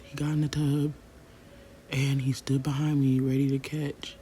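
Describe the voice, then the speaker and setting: A young woman vlogger who tells a personal story in a casual, animated way, swearing freely and talking straight to her viewers. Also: extremely low pitch, measured pace, long pauses, a little hiss or hum. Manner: animated, swears freely, acts out quotes, talks to viewers directly.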